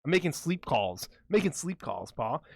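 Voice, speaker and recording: A man's voice: a little high, sing-song, moderate pace, vocal fry, no room sound. A young man co-hosting a podcast, rambling and swearing in mock-conspiratorial casual chat. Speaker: podcast co-host.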